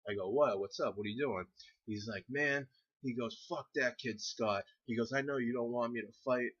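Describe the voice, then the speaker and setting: A man's voice: mid-range voice, steady tone, a little fast, husky. A young man casually telling a rambling, profane story from his teens, often laughing through it. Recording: dull lo-fi recording.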